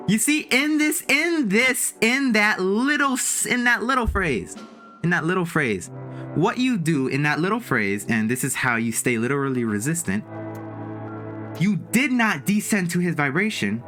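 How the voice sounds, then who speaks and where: A woman's voice: fairly low pitch, sing-song, moderate pace, fairly bright tone, soft background music. A woman livestreaming from a room at home, giving casual motivational talk to her chat in an emphatic, playful way with swooping exclamations. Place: room in a house.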